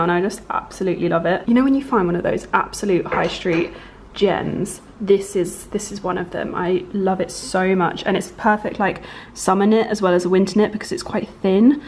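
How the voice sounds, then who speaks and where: A young woman chatting casually in a home vlog, bubbly and often dropping into a soft half-whisper. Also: medium pitch, slight background noise. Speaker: vlogger.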